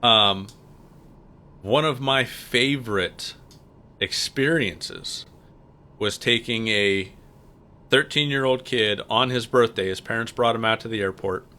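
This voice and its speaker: A man, talking loosely on a livestream. His voice is bright and forward, and he keeps up easy jokes as he tells stories while working the controls. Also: medium pitch, slow pace, pauses often. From United States. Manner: chatty storyteller, joking while flying. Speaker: livestream host and pilot. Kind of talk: casual livestream chat.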